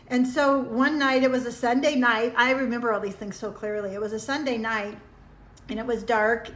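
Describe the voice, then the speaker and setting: A woman's voice: a little high, fairly bright tone. A middle-aged woman hosting a casual livestream, telling personal stories in a heartfelt, meandering way and thanking viewers as she reads their comments. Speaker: livestream host. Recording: echoey room.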